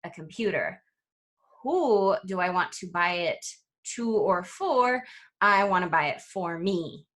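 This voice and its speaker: A woman language coach teaching a grammar lesson, explaining clearly and step by step, and slowing down to spell out example phrases. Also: lowish voice, expressive, fairly bright tone.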